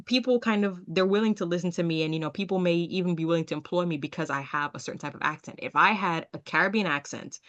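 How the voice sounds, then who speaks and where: A woman's voice: lowish voice, fast talker, few pauses, lo-fi sound. Emphatic woman with an American accent. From Jamaica. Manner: emphatic, animated, laughs often. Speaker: podcast host. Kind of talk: casual interview chat.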